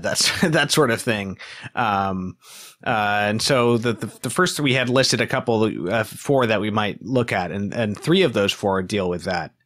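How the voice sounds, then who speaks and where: A man hosting a podcast interview, speaking in a somewhat low voice. His talk is casual and halting, with repeated words and filled pauses. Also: fairly bright tone. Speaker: podcast host.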